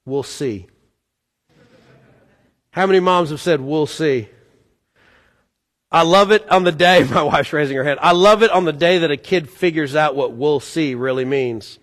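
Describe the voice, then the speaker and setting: A man's voice: fairly high pitch, brisk, hardly any pauses, a bit bright. A middle-aged male pastor preaching a conversational, joking sermon, acting out the voices of the people he quotes. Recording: long hall reverb.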